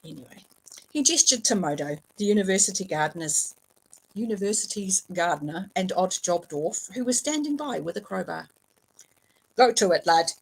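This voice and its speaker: A woman's voice: mid-range voice, moderate pace, vocal fry, breathy edge, poor audio. A woman reading a novel aloud at home, storytelling expressively with the odd slip and filler. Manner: expressive, lively storytelling with small slips and fillers. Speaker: reader.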